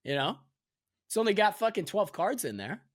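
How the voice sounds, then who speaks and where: A man's voice: sits high, sing-song, moderate pace, dry recording. A young man co-hosting a casual podcast, laughing easily and swearing freely. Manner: loose, laughing, swears a lot. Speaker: podcast co-host. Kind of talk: casual chat.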